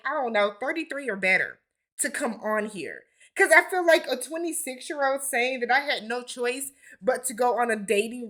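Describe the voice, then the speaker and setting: Bright-voiced woman recapping reality TV. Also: fairly high pitch. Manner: animated, blunt commentary, slangy asides. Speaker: TV recap host.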